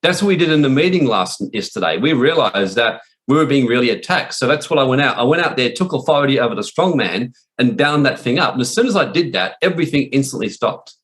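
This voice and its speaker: A man gives a loose, informal teaching with blunt wording and frequent swearing. He rambles and restarts his sentences as he goes. His voice sits at an average pitch for a man. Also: lively intonation, fast talker, few pauses, fairly bright tone. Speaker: spiritual warfare teacher. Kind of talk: informal preaching talk.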